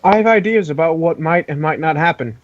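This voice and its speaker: A man running a tabletop game who teases the players in a slow, ominous, drawn-out way. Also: fairly high pitch, no room sound, lo-fi sound. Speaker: game master. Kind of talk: casual tabletop chat.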